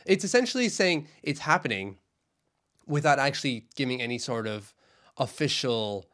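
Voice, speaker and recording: A man's voice: medium pitch, animated, moderate pace, fairly bright tone. Chatty man co-hosting hockey talk. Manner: chatty, jokey, slips into goofy put-on voices. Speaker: podcast co-host. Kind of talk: casual hockey chat.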